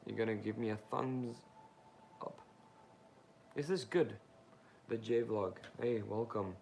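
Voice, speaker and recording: A young man with a lowish, creaky, somewhat mellow voice hosts a live Q&A stream at a slow pace, answering viewer comments. He rambles informally, using many fillers and speaking straight to viewers with questions for them. A little hiss or hum is audible.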